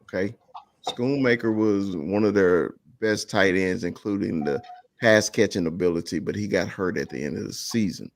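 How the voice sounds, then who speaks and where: A man's voice: sits low, moderate pace, vocal fry. A man co-hosting a casual sports podcast, making his points emphatically. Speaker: podcast co-host.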